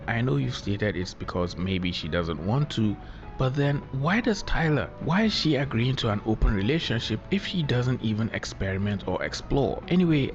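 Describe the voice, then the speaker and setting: A man giving a scripted commentary narration and reading text aloud at a measured pace. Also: fairly low pitch, muffled recording. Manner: measured, reads aloud at length.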